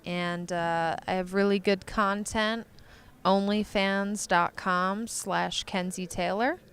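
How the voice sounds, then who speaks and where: A young woman from Michigan speaks with a light Michigan accent and a very smooth, clear voice. She is an easygoing podcast guest who laughs readily. Her pitch sits in a natural middle range. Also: fairly even intonation, slow, a bit bright. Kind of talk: casual chat. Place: convention floor.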